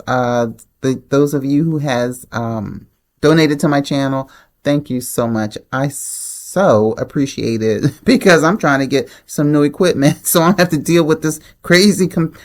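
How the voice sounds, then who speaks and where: A woman hosting her own channel, giving blunt, opinionated commentary on the news in a casual way. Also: deep voice. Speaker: channel host.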